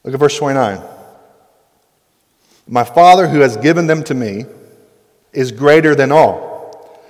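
A man in his thirties preaching a sermon as pastor, stretching key words out slowly and building to forceful, rising emphasis. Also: medium pitch. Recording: long hall reverb.

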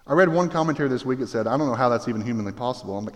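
Animated preacher in a reverberant hall. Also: male voice, mid-range voice, very fast, hardly any pauses. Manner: animated, jokey asides with acted-out voices. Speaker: pastor. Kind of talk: sermon.

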